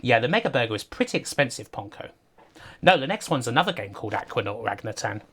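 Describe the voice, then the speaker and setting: A man's voice: medium pitch, very animated, fast talker, a bit bright, breathy edge. Chatty man streaming games. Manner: rambling, chatty, laughs often, talks to chat. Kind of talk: casual gaming livestream commentary.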